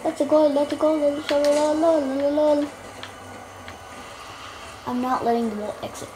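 A woman's voice: high voice, fast, echoey room, noisy background. A young woman commenting on her own gameplay in a playful way, making silly rhymes and snapping at teammates when frustrated. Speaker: gamer. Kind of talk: let's-play commentary.

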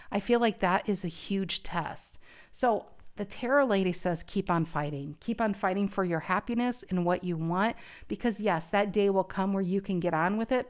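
A woman giving a casual tarot reading to camera, speaking earnestly and thinking aloud with frequent restarts. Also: medium pitch. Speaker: tarot card reader.

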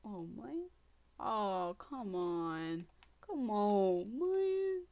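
A woman's voice: medium pitch, big pitch swings, extremely slow, a little mellow. A woman giving casual gameplay commentary as host of her gaming channel. She mutters and whispers to herself, then breaks into sudden frustrated outbursts.

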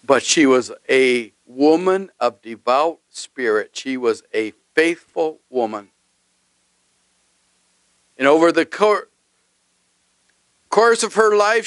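A man's voice: on the high side, expressive, slow, pauses often, a bit bright, clear, resonant tone, dry recording, poor audio. A male pastor preaching a sermon emphatically, often putting questions to his congregation.

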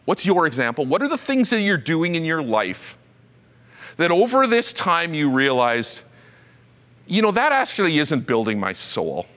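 A man preaching a sermon as pastor, animated and conversational, with frequent asides. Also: fairly high pitch, long reverb tail. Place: church auditorium.

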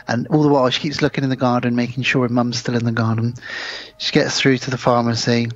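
A man recounts a film plot in casual podcast chat, telling it in a lively way. The recording is dull and dry, with a plain mid-pitched voice. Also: quick pace, no echo. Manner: animated storytelling. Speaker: podcast co-host.

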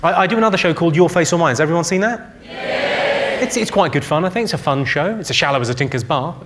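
A stand-up comedian, a man, fires off deadpan one-liners at a rapid clip. His voice sits slightly higher than most men's, and he jabs at the crowd between jokes. Heavy audience noise fills the live theatre recording. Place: theatre stage before a laughing audience.

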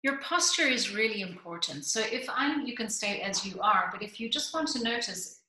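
A woman communication coach leading a slow, soothing guided body-awareness exercise in an online session. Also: mid-range voice, animated, pushed and bright. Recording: echoey room.

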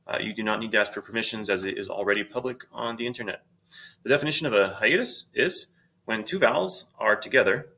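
Bright-voiced man teaching a lesson. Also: on the low side. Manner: steady explanatory, pronounces words twice slowly. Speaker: Spanish teacher. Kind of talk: screen-recorded grammar lesson.

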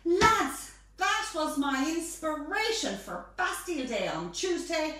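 A woman chatting bubbly and playful as she demonstrates a recipe live from her home kitchen. Her fairly high voice rings around a very echoey room, picked up from a few feet off with faint noise behind it. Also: big pitch swings, unhurried, recorded from a distance. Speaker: home baking host.

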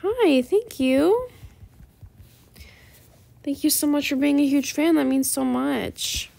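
A woman's voice: high voice, little pitch movement, moderate pace, creaky, a little mellow. A teenage girl chatting casually while playing a game, tired and rambling with lots of "like". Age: teens. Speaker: gaming YouTuber. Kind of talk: casual gameplay chat.

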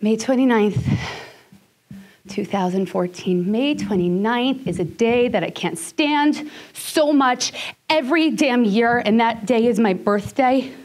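A woman's voice: fairly high pitch, a little slow, darkish tone. A woman giving a personal storytelling talk, emotional, sometimes dropping to a near whisper. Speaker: speaker.

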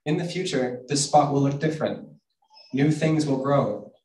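A man doing a calm, dreamy mole. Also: mid-range voice, moderate pace, lightly acted. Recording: roomy distant mic with faint noise.

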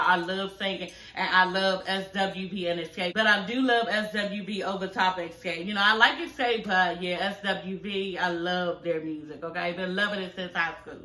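A woman's voice: mid-range voice, bright, forceful tone, roomy sound. A woman in her thirties hosting her own channel, ranting in a sassy, profane, fired-up way about a reality show. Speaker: reality TV reviewer, channel host. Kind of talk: ranting reaction commentary. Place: home at night.

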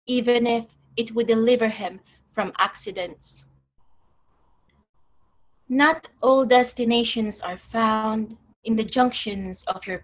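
A young woman reading her poetry aloud in a measured, deliberate way, then talking about her poems. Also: on the high side. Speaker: poet reading her work. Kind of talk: poetry reading with spoken asides.

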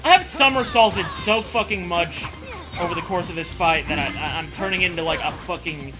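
A man's voice: high voice, a little fast, poor audio. A young man playing a video game and chatting, cutting in with crude, wisecracking asides. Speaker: gamer playing on stream. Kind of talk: casual chat over gameplay. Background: game music.

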